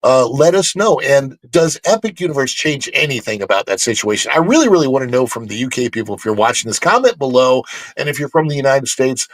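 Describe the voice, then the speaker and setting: A man hosting a casual theme-park news livestream, animated and joking as he talks to his chat. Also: medium pitch, dry recording.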